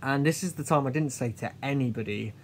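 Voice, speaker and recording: Man telling his story haltingly. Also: mid-range voice, slight background noise. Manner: halting, with many restarts and trailing pauses; earnest and confessional. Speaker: vlogger. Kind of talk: candid personal storytelling.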